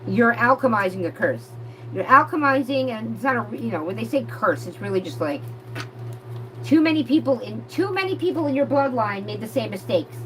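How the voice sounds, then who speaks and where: A woman giving a live tarot reading, reading cards aloud and breaking off into excited, profane outbursts. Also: fairly high pitch, fairly quick, slight background noise, low-quality recording. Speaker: tarot reader.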